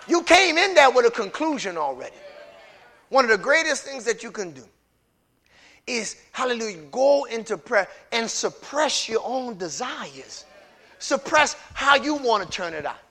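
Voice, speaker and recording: High-voiced, fervent preaching man. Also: big pitch swings, normal speed, pauses often, a faint crowd. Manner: impassioned preaching, swinging from hushed to shouted; talks straight at the congregation with folksy asides. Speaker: pastor. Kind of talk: sermon.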